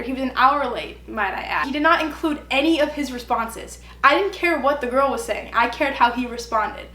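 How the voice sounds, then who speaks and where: A young woman in her twenties telling a personal story in a vlog, acting out the quoted lines with animated delivery. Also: high-pitched, normal speed, few pauses. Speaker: vlogger. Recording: echoey room with faint hum.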